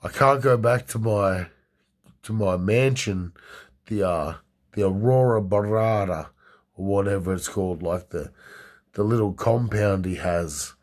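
A man voicing a scheming rich older man just rescued from being buried alive, speaking low and muttering. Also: a little slow. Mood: grateful.

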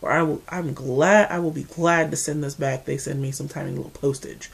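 Chatty gravelly-voiced American woman. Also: deep voice, fairly quick. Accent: Mid-Atlantic American. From Mid-Atlantic United States. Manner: chatty, animated, asides and playful impressions. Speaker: beauty vlogger. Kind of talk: casual chat to camera.

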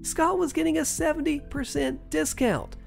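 A narrator telling a first-person workplace revenge story in a sardonic, animated way. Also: high-pitched, normal speed, creaky, faint music behind.

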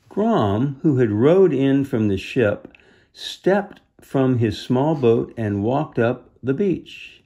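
A man reading a children's book aloud, pausing to explain the story gently to young listeners. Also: mid-range voice, very animated, husky. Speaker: storybook reader.

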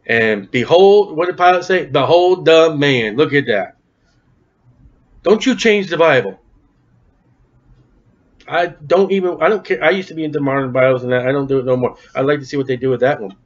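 Male preacher, fairly high voice, folksy and emphatic, dull lo-fi recording. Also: fairly quick, pauses often. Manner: folksy, emphatic, calls out to the congregation. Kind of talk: sermon. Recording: dull lo-fi sound.

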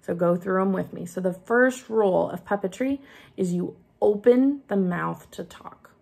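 A woman teacher giving a gentle, hands-on craft lesson for young children while she demonstrates each step. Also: mid-range voice, moderate pace, gravelly, breathy edge.

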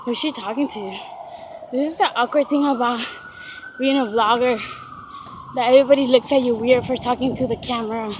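A woman's voice: a little high, fairly even intonation, brisk. A woman vlogging to a handheld camera while walking uphill outdoors, chatty and out of breath. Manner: chatty, switches into Spanish with family. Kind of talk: casual vlog chat. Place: outdoors on a city street. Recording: noisy street background.

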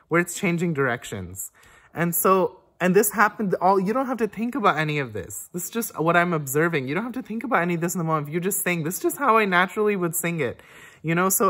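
A woman's voice: sits low, fairly bright tone. A woman teaching music in a casual, rambling way, reflecting aloud and humming phrases on syllables to show how they should flow. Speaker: oboe teacher. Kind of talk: casual spoken music lesson.

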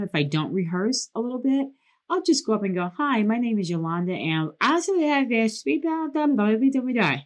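Animated woman telling a story. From Detroit. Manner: animated, acts out quotes in a lively higher voice. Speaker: podcast host. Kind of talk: casual storytelling monologue.

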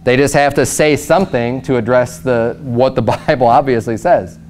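A young man preaching a sermon as pastor, in a Southern American accent, impassioned and rising to loud emphatic peaks. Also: mid-range voice, moderate pace, slight background noise.

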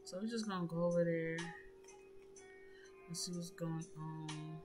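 A woman talking through her game in a casual, chatty way, slangy and direct with her viewers. Her voice sits fairly low, with music playing behind her. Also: steady tone, a little slow. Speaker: gaming YouTuber. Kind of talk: casual gameplay commentary.

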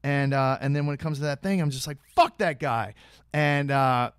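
A man, a guest actor on a podcast, telling animated behind-the-scenes anecdotes in casual conversation, full of fillers and restarts. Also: medium pitch, brisk, clear, resonant tone, no echo, studio quality.

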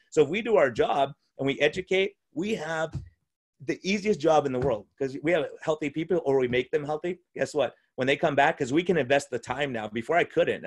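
A male physician and podcast host in casual conversation at home, enthusiastic and rambling, often restarting his sentences. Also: mid-range voice. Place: room at home.

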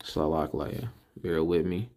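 A man giving a casual screen-recorded lesson, slowly sounding out syllables and repeating words to drill them. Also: a bass voice, dark tone. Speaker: religious teacher. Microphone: computer mic while screen recording.

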